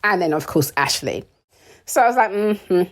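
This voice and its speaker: Woman, British accent, low voice, sarcastic, opinionated, casual commentary. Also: lively intonation, a little fast. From United Kingdom. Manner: opinionated, sarcastic, laughs often. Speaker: reality TV recap host.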